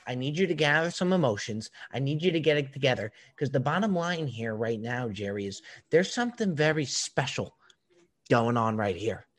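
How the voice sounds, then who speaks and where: A man's voice: medium pitch, animated, normal speed. A man co-hosting a casual comedy podcast, lecturing his co-host in a needling, mock-serious way.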